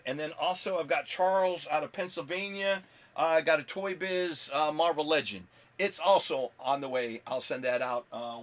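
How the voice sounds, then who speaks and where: Casual male vlog host, somewhat high voice, loose rambling delivery. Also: a bit bright. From United States. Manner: rambling, chatty, with fillers and laughs. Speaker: comic book channel host. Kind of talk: casual video blog chat.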